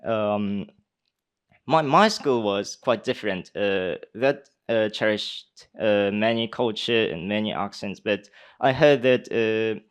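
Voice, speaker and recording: A young man, a speech contestant answering judges' questions in English off the cuff, pausing often with uh and um and restarting his sentences. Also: fairly low pitch, smooth. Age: young adult. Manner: hesitant, many uh and um fillers, restarts. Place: conference hall.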